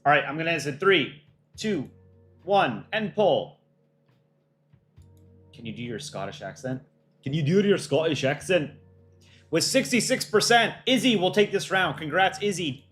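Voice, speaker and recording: Relaxed man hosting a casual livestream. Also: fairly high pitch, moderate pace, pauses often, soft background music. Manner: relaxed, offhand, thinking aloud with ums. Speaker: livestream host for a countryball animation channel. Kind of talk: casual livestream chat reading viewer questions.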